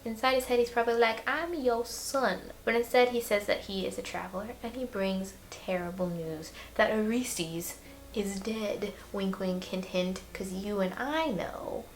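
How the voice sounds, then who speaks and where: A young woman giving a casual summary lesson, chatty and irreverent, with slangy jokes and quick asides. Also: mid-range voice, slight background noise. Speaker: educational video host.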